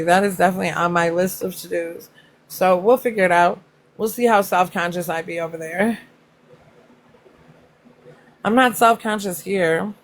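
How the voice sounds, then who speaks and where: A woman hosting a casual livestream, chatting and reacting to comments, laughing often and swearing freely. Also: mid-range voice. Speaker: livestream host.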